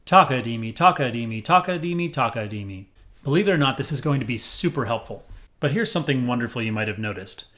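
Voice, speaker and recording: A man's voice: medium pitch, lively intonation, quick pace, fairly bright tone. A man teaching a music rhythm lesson, upbeat and self-described as corny, counting along with his students. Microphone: headphones on.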